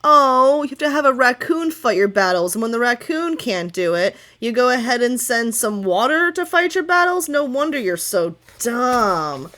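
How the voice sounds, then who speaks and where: A woman's voice: a little high, very animated, moderate pace, few pauses, bright, forceful tone. A woman playing a sassy, mean merman. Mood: mocking. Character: sassy taunting male merman, mean and mocking.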